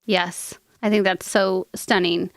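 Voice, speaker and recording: A woman co-hosting an advice podcast, talking in an earnest, rambling way with quick asides. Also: mid-range voice, flat delivery, dry recording, studio quality, faint music behind. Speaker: podcast co-host. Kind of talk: casual advice chat.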